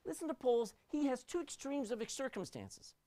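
A woman's voice: high voice, moderate pace. A woman preaching a sermon, swinging her voice up and down for emphasis and often repeating words as she restarts. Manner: expressive, rising and dropping sharply for emphasis.

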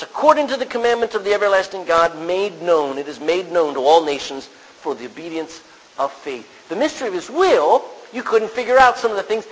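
A man's voice: sits high, fairly bright tone, husky. A man preaching a sermon in a conversational way, quoting scripture and putting questions to the congregation. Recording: long reverb of a large hall.

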